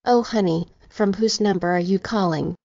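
A woman's voice: medium pitch, moderate pace, mellow, no echo, lightly acted. A woman voicing an affectionate middle-aged mother in an audiobook. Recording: slightly dull, dry recording.

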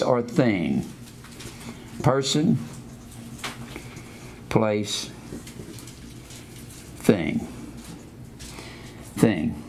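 Blunt older preacher. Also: male voice, medium pitch. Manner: blunt and scornful, teaches grammar. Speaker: pastor. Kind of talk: sermon.

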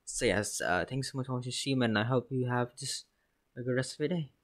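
A man's voice: medium pitch, a little fast. Brief: male streamer, casual stream chat, self-deprecating and meandering. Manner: rambling, self-deprecating, joking. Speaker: game streamer.

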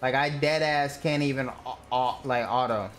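A man's voice: mid-range voice, moderate pace, fairly bright tone, soft background music. A young man streaming a game live, ranting at his teammates in an irritated, profane way. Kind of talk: live gameplay commentary.

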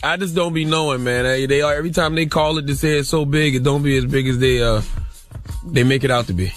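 A man's voice: medium pitch, fast talker, faint music behind. A man co-hosting a morning radio show, joking bluntly and cutting in with teasing remarks. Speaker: radio co-host.

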